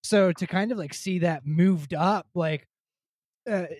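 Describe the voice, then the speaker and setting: High-voiced jokey young man. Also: slow pace, a little mellow, no room sound, studio quality. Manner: laughs often, loose and jokey. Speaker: podcast co-host. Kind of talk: casual conversation.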